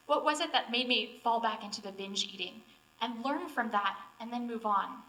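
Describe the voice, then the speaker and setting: A woman's voice: on the high side, bright, forceful tone. A young woman giving an earnest, heartfelt inspirational talk to students as a seminar speaker. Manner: earnest, emotional, tearful at times. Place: auditorium or classroom. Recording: distant mic with mains hum.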